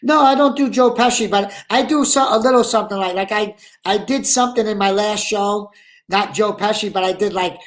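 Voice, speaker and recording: A man's voice: high-pitched, a little fast, fairly bright tone. A man with a Brooklyn accent, a guest actor and comedian, chatting casually in a live interview over a video call, rambling with lots of "you know" and "like". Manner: rambling and talkative, full of 'you know' and 'like'.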